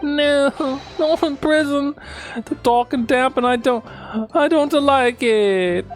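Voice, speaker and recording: A man voicing a panicky young red-haired crook who is scared of the dark, in a high, whiny, wailing voice. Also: takes it slowly, faint music behind. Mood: scared whining.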